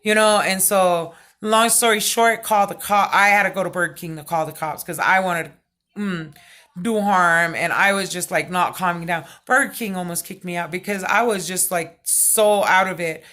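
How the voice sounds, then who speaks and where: A middle-aged woman vlogging, telling a personal story in a loud, excitable way, full of fillers. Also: lowish voice, moderate pace. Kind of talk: casual storytelling vlog.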